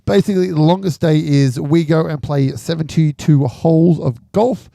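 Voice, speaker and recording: A man's voice: fairly high pitch, moderate pace, vocal fry, mellow, no echo, studio quality. A man co-hosting a podcast, making brief, matter-of-fact remarks. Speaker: podcast co-host. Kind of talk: casual chat.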